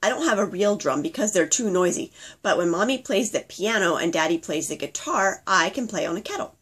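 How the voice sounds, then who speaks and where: A woman's voice: mid-range voice, lively intonation, fairly quick, a bit bright, slightly rough. A woman reading her own childhood memoir aloud, telling it simply and earnestly in the voice of her five-year-old self. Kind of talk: memoir reading told in a child's present-tense voice.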